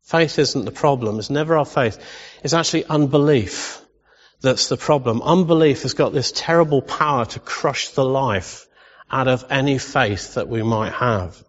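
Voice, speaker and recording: A man preaching in a chatty, questioning way, his voice trailing off into a long hall reverb. The recording is dull and muffled, and his pitch sits in a middling range. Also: moderate pace. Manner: conversational, asks the congregation questions, playful asides. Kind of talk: sermon.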